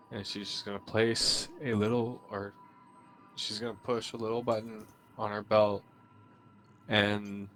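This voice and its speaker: A man playing in a tabletop role-playing game, slowly and deliberately describing what his character does. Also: on the low side. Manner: slow, deliberate, flat delivery. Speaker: player. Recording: faint background noise.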